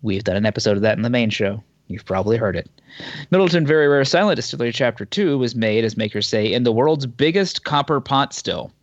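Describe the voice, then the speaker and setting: A man's voice: mid-range voice, lively intonation, fast, dry recording. Male co-host, casual, reads items with small stumbles; dry, slightly dull sound. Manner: reads news items aloud with small slips and asides. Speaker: podcast co-host. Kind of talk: casual chat reading news.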